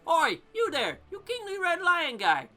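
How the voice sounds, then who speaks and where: A woman's voice: extremely high pitch, huge pitch swings, unhurried, sharp tone, faint music behind, voice pushed up, heavily acted. A woman voicing a pushy, condescending male talking fish in a video game, reading his lines aloud. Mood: bossy. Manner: bossy, heckling, condescending.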